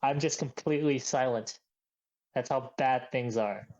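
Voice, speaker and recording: A man in a casual tabletop role-play session, describing his character in a stammering, halting way. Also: medium pitch, a little mellow, lo-fi sound. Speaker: player.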